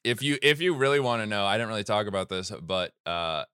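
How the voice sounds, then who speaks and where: A man with a fairly low voice hosts a loose comedy podcast, telling a story in a jokey, rambling way full of fillers. His tone is bright and crisp, and the sound is dry and close. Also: expressive, fast, dry recording. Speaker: podcast host recapping game lore. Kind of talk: casual comedic chat.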